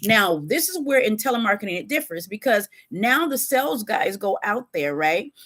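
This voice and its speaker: A woman talking casually on a live stream, animated and conversational, speaking straight to her viewers with a Californian American accent. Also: medium pitch, normal speed, slight background noise. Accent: Californian American English. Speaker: webcam model giving advice on a live stream.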